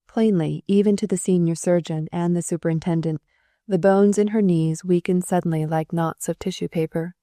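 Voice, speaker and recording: Brief: woman audiobook narrator, lowish mellow voice, measured and expressive, dry close sound. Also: no room sound. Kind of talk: storybook narration.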